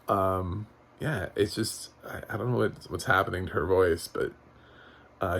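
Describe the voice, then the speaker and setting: Low gravelly-voiced man reviewing a film. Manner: rambling, chuckling, lots of fillers and restarts. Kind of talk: casual spoken movie review.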